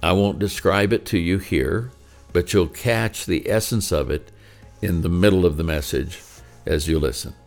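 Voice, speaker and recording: Low-voiced man preaching a sermon. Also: normal speed, vocal fry, darkish tone, soft background music. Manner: storytelling with playful asides and varied emphasis. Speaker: pastor.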